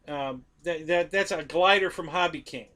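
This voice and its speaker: A man's voice: a little high, moderate pace, sharp tone. A man hosting a live stream, chatting casually about model planes, rambling, correcting himself and talking straight to his viewers.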